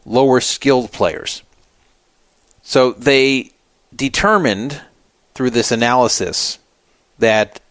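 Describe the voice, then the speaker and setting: A skeptical man talks through his podcast on his own in a casual, wry manner. His voice sits at a medium pitch. The recording is close and dry, with no room sound. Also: a bit bright, no room sound. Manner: skeptical, wry, reads viewer comments aloud. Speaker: podcast host. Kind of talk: casual solo commentary.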